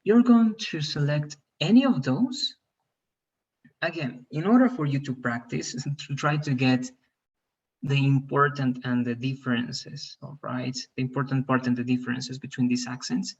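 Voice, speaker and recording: Husky man teaching over a dull line. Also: medium pitch, fairly even intonation, moderate pace. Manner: repetitive, checks in with "all right?". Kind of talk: online class instructions.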